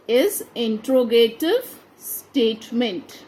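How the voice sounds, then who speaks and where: A woman's voice: high voice, animated, slow pace, darkish tone, rough recording. A woman teaching a grammar lesson to a class, reading each sentence aloud and spelling out the answers. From India. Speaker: school teacher.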